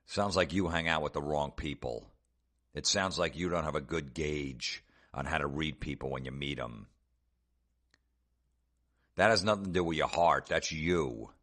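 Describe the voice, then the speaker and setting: A man's voice: rumbling low, moderate pace, fairly bright tone. A man hosting a comedy podcast, mocking things in a sarcastic, profane rant. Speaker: comedian host.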